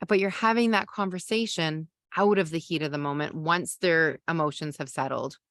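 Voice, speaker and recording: Brief: woman parenting coach, lowish voice, dry close sound, chatty live Q&A. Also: steady tone, moderate pace, fairly bright tone, no room sound. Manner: conversational, reads viewer questions and answers off the cuff. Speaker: parenting coach and podcast host. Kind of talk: live masterclass Q&A.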